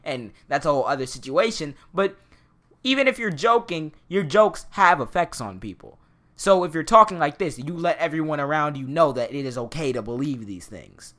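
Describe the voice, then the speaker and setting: A man's voice: a little high, animated, normal speed, pushed and bright. A man streamer in casual chat, rambling with many fillers and restarts.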